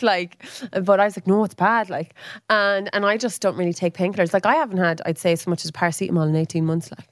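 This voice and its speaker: A woman's voice: fairly even intonation, fast, no echo, clean studio sound. Chatty woman in her thirties. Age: 30s. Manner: chatty, acts out quoted speech with big pitch jumps. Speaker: podcast guest. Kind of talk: casual storytelling.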